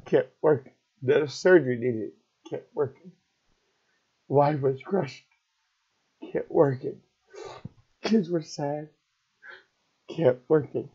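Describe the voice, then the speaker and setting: A middle-aged man telling an emotional personal story in a halting, repetitive, raw way. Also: mid-range voice, mellow, husky. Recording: dull lo-fi recording.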